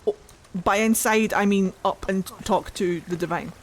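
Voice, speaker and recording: A Geordie woman from Newcastle streams a game from home and chats away in a loose, casual way. She swears freely and answers her chat out loud. A faint hiss sits under her voice. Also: medium pitch, moderate pace. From Newcastle, England.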